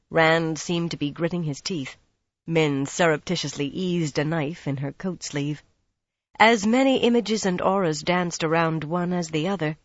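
An audiobook narrator reading fantasy prose in a steady, measured voice at a middle pitch. The recording is dry and close with no room sound. It comes across somewhat dull and lo-fi. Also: no echo.

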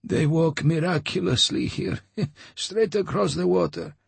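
Audiobook character: man doing a seasoned male traveler, higher than the narrator, hushed and confiding. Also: unhurried, creaky, breathy edge, dry recording, full character voice. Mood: wry. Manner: hushed, conspiratorial, musing. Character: wary, talkative male veteran traveler.

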